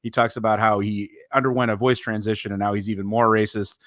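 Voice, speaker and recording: A man's voice: fairly low pitch, fairly even intonation, fast talker, a bit bright, no echo, clean studio sound. A man co-hosting a podcast in casual chat, rambling and correcting himself as he tells stories. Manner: rambling, self-correcting storyteller. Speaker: podcast co-host.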